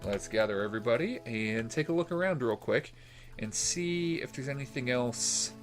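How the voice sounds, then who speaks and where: A man's voice: mid-range voice, animated, moderate pace, faint music behind. A man hosting a let's play, commenting casually on a role-playing game as he plays, rambling with fillers and restarts. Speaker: gaming channel host.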